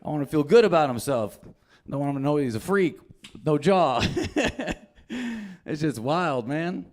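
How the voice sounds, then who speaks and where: A man's voice: fairly high pitch, lively intonation, measured pace. Profane young man doing stand-up. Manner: casual, profane, storytelling. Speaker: stand-up comedian. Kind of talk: stand-up comedy set.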